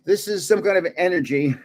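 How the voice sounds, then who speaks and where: A fairly high, breathy-edged voice belongs to an older man hosting a card-collecting livestream. He chats casually through pack openings, chuckling at himself as he guesses what the cards are called.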